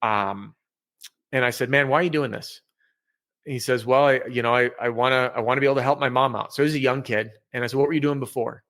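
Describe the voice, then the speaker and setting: Brief: candid, energetic man, mid-pitch, a sales trainer guesting on a podcast over a video call. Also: quick pace. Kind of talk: casual podcast interview. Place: home office with bookshelf.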